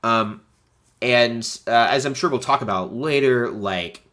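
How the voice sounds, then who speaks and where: A man in his thirties from the United States with a stuffy nose, hosting a chatty, animated livestream. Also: mid-range voice, unhurried. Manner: chatty and animated, many fillers. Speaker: host. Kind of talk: casual livestream chat.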